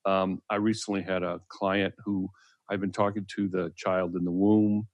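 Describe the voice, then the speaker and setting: Low-voiced man explaining on talk radio. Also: flat delivery, normal speed, dry recording, dull audio. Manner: earnest, explaining, frequent fillers. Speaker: co-host.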